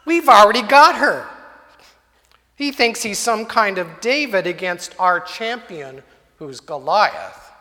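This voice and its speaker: A man's voice: lively intonation, slow pace, heavily acted. A man voicing a boastful, mocking male devil who cackles with glee. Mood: gleeful. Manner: cackling, high and loud. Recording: long hall reverb.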